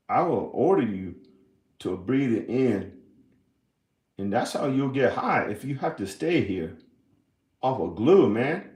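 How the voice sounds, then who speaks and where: A man's voice: medium pitch, a little mellow. A man talking to his camera in a loose, rambling monologue, drifting between thoughts and often breaking into giggles. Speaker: video maker. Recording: echoey room.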